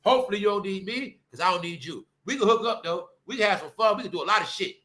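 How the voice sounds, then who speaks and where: A man, ranting bluntly on his commentary channel, jumping from loud outbursts to low mutters. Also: lively intonation, fast talker. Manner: loud, blunt and swinging between shouting and muttering.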